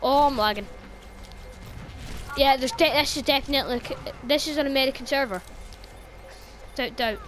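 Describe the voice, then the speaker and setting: A woman's voice: high-pitched, moderate pace, long pauses, fairly bright tone, slight background noise. A young woman commentating her own gameplay, exclaiming and swearing at the game and grumbling about lag. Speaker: gaming video creator.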